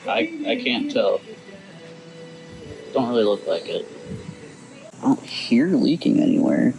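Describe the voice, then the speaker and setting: This Midwestern car restoration vlogger works on his car outdoors at his home garage and driveway, musing aloud and cracking dry jokes at his own expense. He speaks slowly in a creaky, mid-range voice yet sounds very animated, heard over music in a rough recording.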